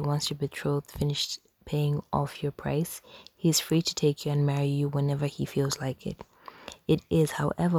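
A woman narrating a story in a hushed, unhurried whisper. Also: deep voice, gravelly, dry recording.

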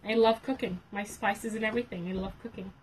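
A woman's voice: medium pitch, steady tone, fast talker, a little hiss or hum, rough recording. A woman from Kenya chatting casually as a co-host, with playful, dramatic complaints. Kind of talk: casual chat.

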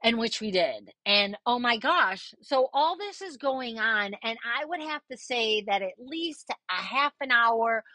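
A middle-aged woman hosting a podcast, casually telling a personal story, animated, swearing freely and acting out what people said. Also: fairly high pitch, a little slow, hardly any pauses, dry recording. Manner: animated, swears freely, acts out quoted voices.

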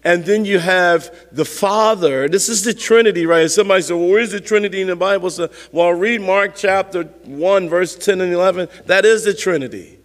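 A man preaches in a church sanctuary, his fairly high voice carrying a long reverb around the hall. He talks the sermon through conversationally, asking rhetorical questions and repeating key phrases for emphasis. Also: normal speed, hardly any pauses. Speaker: pastor.

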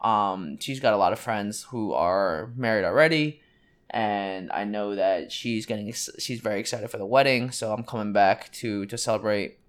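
A man's voice: on the low side, normal speed. A man in his thirties, co-hosting a podcast in casual chat, rambling with many ums and restarts. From United States. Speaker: podcast co-host.

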